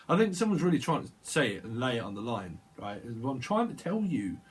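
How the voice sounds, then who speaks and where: A man's voice: medium pitch, sing-song, a little fast, slightly rough. A man, giving a tarot reading in a rambling, jokey way and acting out little dialogues. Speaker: tarot reader. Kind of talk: casual chat, tarot reading.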